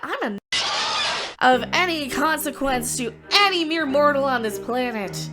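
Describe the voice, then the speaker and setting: A woman's voice: high voice, animated, a little slow. Sarcastic woman ranting over music. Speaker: commentary channel host. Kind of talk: ranting commentary vlog. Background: background music.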